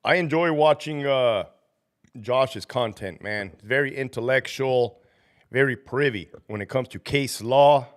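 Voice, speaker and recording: A man's voice: medium pitch, measured pace. A man hosting a casual livestream, a former prison officer who is sick and feverish, swearing heavily, ranting and laughing often between greetings to viewers.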